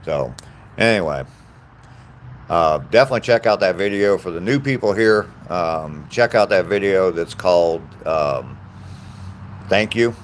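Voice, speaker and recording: A man's voice: low-pitched, expressive, measured pace, slight background noise. A man in his sixties chatting casually on a live stream while out walking, greeting viewers by name with lots of ums. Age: 60s. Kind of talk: casual live-stream chat reading comments. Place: outdoors on a walking trail.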